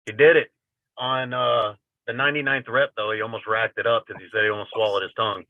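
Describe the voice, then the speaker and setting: A man's voice: fairly low pitch, fast talker, no echo. A man co-hosting a podcast over a call, chatting casually and teasing the host. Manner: teasing, excitable. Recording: tinny phone-line call audio.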